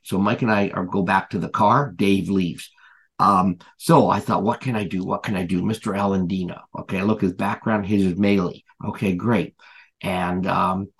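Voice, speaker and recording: A man's voice: low-pitched, fairly even intonation, moderate pace, husky. A man who is a podcast guest, telling a long story in casual chat, rambling with many fillers and restarts and retelling what people said.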